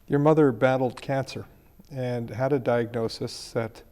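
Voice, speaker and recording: Measured man hosting an interview. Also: medium pitch, fairly even intonation, darkish tone. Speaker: interview host. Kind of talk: interview questions and reading aloud.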